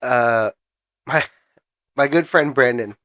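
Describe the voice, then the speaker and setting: A man's voice: medium pitch, slow, a bit bright, dry recording. A young man co-hosting a podcast in casual chat, joking and laughing often. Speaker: podcast co-host.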